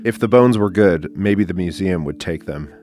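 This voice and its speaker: A man narrating a documentary podcast in a calm, matter-of-fact scripted reading. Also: low voice, normal speed, soft background music.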